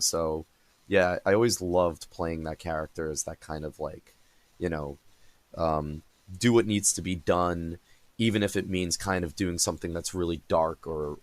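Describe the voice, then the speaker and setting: Deep-voiced rambling male podcast host. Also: no room sound. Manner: rambling, many fillers and restarts. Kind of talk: casual conversation.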